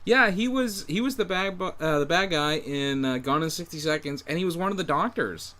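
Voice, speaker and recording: Guy cohosting a movie podcast, kinda high voice, joking around, sarcastic. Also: animated, brisk, bright, forceful tone. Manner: joking, sarcastic, laughs often. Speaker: podcast co-host. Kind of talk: casual movie-review chat.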